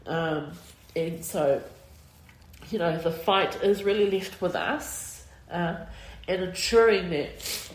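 A middle-aged woman with a New Zealand accent, speaking in an interview with many fillers, emotional and halting. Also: fairly low pitch. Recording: roomy echo.

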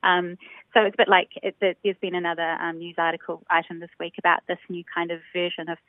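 A sociolinguist guest, described as a New woman, explains ideas thoughtfully during a radio phone interview, hesitating often. Her lowish voice barely changes pitch, she talks fast, and the dry recording comes through a tinny phone line.

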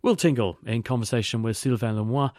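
A man presenting a science news podcast, reading scripted links in a smooth, measured way. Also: mid-range voice, a little mellow, no echo, studio quality.

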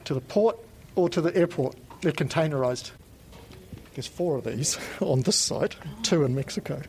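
A man with a New Zealand accent and a voice pitched a little high. He walks a visitor through a factory and explains the equipment patiently, pausing on an occasional um. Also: expressive, darkish tone, a little hiss or hum, low-quality recording. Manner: patient, explanatory, with frequent ums. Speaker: company spokesperson giving a tour. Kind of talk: technical explanation on a factory tour. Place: factory and laboratory.

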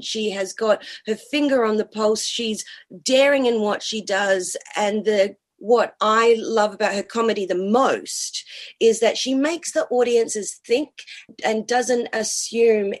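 A woman, a cabaret and burlesque performer, talking enthusiastically as a guest in a radio interview, piling up long lists. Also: fairly high pitch.

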